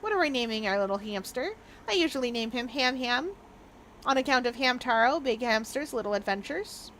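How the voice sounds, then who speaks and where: A woman's voice: a little high, expressive, a little fast, a bit bright, slight background noise. A woman streamer chatting playfully with her viewers while playing a game. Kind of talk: casual game stream chat.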